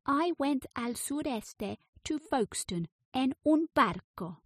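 An eager young duck explorer, telling of his travels in a storybook, as a woman reads him aloud. The voice sits a little high and moves slowly. It is breathy and dry. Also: animated, fairly bright tone, dry recording, heavily acted. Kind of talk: children's storybook reading.

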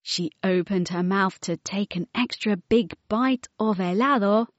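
A woman reading a children's storybook aloud with an expressive manner. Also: mid-range voice, a little slow, no echo, dull audio.

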